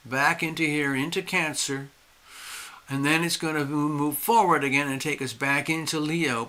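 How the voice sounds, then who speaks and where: A man hosting a live astrology stream, speaking emphatically with drawn-out stresses and restarts while losing his voice. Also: on the high side, sharp tone. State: losing his voice, clearing his throat. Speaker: astrology and tarot livestream host.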